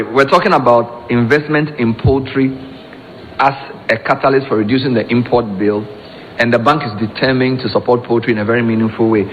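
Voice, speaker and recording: Joking Ghanaian emcee in a hall. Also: male voice, medium pitch. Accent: Ghanaian English. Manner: chatty, joking asides, audience prompting. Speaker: master of ceremonies. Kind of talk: conference emcee introductions. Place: conference hall. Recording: reverberant hall with faint room noise.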